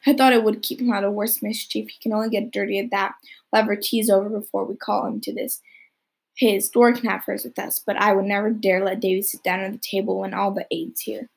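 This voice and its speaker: A woman's voice: little pitch movement, a little fast, gravelly, husky. A woman voicing a stern older woman who speaks wearily. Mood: weary. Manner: weary, lower and quieter.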